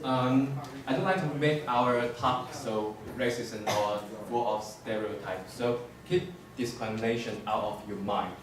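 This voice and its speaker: A man's voice: mid-range voice, fairly even intonation, unhurried, few pauses, background noise. A young man giving a class presentation, hesitant with many fillers. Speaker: student presenter. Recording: echoey classroom from far off.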